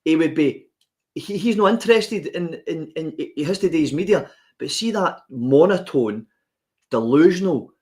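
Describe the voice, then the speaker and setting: Ranting Scottish podcast host. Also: male voice, on the high side, lively intonation, normal speed, a little mellow. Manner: passionate, ranting, emphatic. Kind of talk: heated casual chat.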